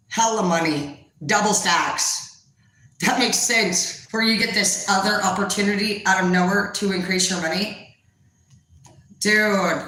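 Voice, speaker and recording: A woman's voice: medium pitch, pushed and bright. A young woman doing a casual tarot reading, blunt, profane and rambling, in an echoey room. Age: young adult. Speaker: tarot reader.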